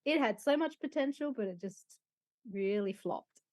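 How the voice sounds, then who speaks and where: A chatty woman co-hosting a casual podcast review. Her voice sits a little high, and the recording is close and dry with no room sound. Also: expressive, moderate pace, darkish tone, no room sound. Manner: chatty, laughs often. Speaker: podcast co-host.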